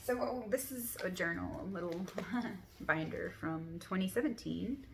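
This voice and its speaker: Woman, low voice, gravelly fry, soft rambling monologue, earnest, lots of fillers. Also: unhurried, noisy background. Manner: soft, rambling, many "like" fillers, gentle laughs; earnest, affirming. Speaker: spiritual vlogger. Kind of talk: casual reflective monologue.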